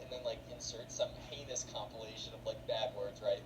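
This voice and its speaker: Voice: medium pitch, fairly even intonation, fairly quick, few pauses, heavy background noise. A storyteller telling a funny story in a rambling, casual way, full of fillers.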